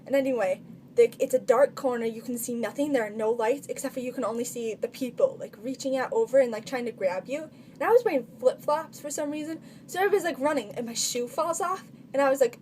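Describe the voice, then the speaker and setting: A woman's voice: high voice, fast talker, a little mellow, a little hiss or hum. A teenage girl telling funny stories in a casual vlog, chatty and full of filler words. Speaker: vlogger.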